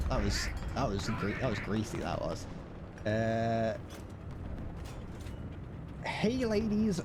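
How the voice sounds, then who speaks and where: A young man with a British accent talks loosely to his live-stream chat while he plays, stumbling through restarts and dropping the odd swear word. His voice sits at an ordinary middle pitch. A clear layer of steady noise runs under the recording. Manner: rambling and self-deprecating, swears, stammers on restarts. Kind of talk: casual chat while gaming, reading chat.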